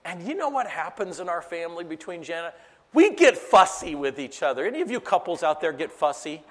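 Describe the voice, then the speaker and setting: A middle-aged man preaching a sermon to a live audience. He swings between loud, emphatic preaching and quiet, chatty storytelling asides. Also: on the high side, very animated, a little fast, long reverb tail. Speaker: pastor.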